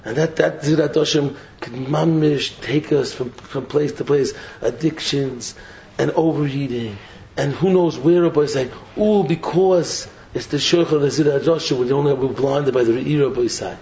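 A man giving a Torah sermon, animated and mocking, laughing through his points, throwing out rhetorical questions and repeating himself. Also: on the high side, normal speed, slight background noise. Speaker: Torah teacher. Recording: dull lo-fi recording.

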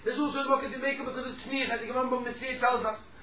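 Brief: quick, animated male teacher, bright tense voice, acts out examples, room echo from a distance. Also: extremely high pitch. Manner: animated, acts out quoted speakers, sprinkles Yiddish and Hebrew terms. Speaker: Torah teacher. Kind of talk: casual halacha class.

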